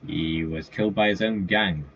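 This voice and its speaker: A man's voice: low-pitched, steady tone, moderate pace, a bit bright. A man in casual commentary running through a list of comic villains, rambling with fillers and self-corrections. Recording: dull lo-fi mic with faint noise.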